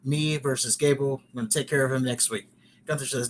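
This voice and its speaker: A man's voice: medium pitch, steady tone, fairly quick, slight background noise. A man hosting a podcast, casually recapping wrestling in a chatty, rambling way with joking asides. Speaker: podcast host.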